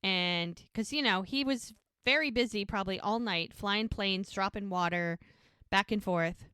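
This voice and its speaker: Woman podcast co-host, casual and emotional storyteller; smooth clear voice, dry booth. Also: medium pitch, unhurried, pushed and bright, no echo. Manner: chatty storyteller, emotional, many fillers. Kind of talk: casual chat recapping a TV episode.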